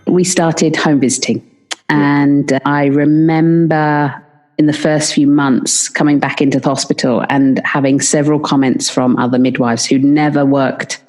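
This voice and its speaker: A woman's voice: sits low, fairly even intonation, measured pace, a little mellow. A British woman who works as a midwife, telling a story in a podcast interview and acting out the dialogue she quotes. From Britain. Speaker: midwife guest.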